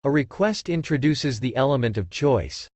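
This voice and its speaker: A man giving a scripted narration of a book summary in a calm, measured reading voice. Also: mid-range voice, no room sound.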